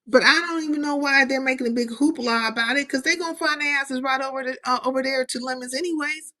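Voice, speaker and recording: A woman's voice: high voice, fairly even intonation, fast talker, bright, forceful tone. A woman hosting her own livestream, talking loosely and with lots of swearing as she rambles, reacts to comments and greets viewers. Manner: loose, profane, rambling chat with chat readers. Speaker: livestream host. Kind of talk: casual livestream chat.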